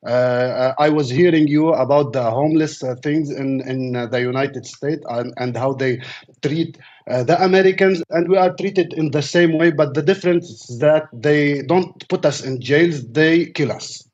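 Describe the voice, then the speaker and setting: Lebanese man, fairly high voice, halting non-native English, lots of pauses, dull lo-fi call line. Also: darkish tone. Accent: Lebanese, from Baalbek. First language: Arabic. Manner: halting, searching for words, many fillers. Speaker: war correspondent. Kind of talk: remote interview. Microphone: remote call from Lebanon.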